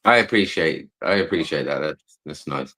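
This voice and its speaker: A man's voice: extremely low pitch, lively intonation, moderate pace, sharp tone. A man chatting casually on a livestream, mild and friendly. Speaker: fellow YouTuber on stream. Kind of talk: casual chat.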